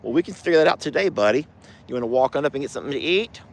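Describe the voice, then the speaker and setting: A man's voice: animated, rapid-fire. A man hosting a casual farm vlog, sweet-talking his animals. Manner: coos at animals in sweet, high baby talk. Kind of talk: casual chat.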